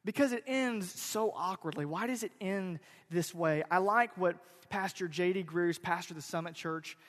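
A man preaching a sermon as pastor, animated, swinging from loud emphasis to quiet intensity. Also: sits high, moderate pace. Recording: long hall reverb.

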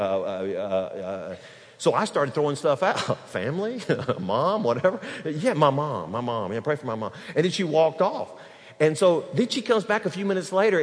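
A man preaching a sermon as pastor, telling stories in an animated, folksy way from a church sanctuary. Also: medium pitch. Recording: long hall reverb.

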